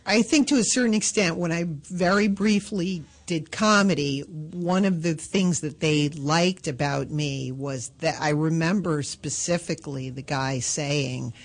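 A woman's voice: low-pitched, a little slow, few pauses. A woman guest comedian chatting casually, telling a self-deprecating story with lots of fillers and restarts.

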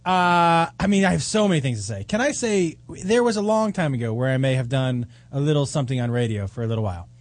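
A man's voice: medium pitch, lively intonation, fast talker, hardly any pauses, no room sound. A man co-hosting a casual chat, teasing and joking in banter with his partner. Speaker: co-host.

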